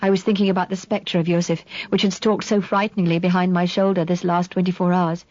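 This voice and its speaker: A woman's voice: fairly low pitch, level tone, fast, darkish tone, dry recording, highs cut off. Woman narrating an audiobook. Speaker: audiobook reader. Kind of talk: first-person audiobook narration.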